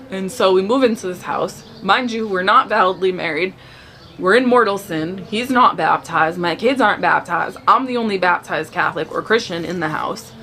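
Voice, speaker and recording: A woman sharing a personal faith testimony in casual storytelling, animated and acting out the dialogue as she tells it. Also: mid-range voice, a little hiss or hum. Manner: animated, acts out dialogue in the telling.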